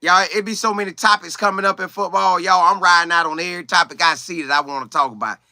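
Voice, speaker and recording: A man hosting a casual football livestream, greeting viewers by name and talking in animated, quick bursts. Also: high-pitched, no room sound, studio quality. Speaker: livestream host. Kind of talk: casual live chat about football.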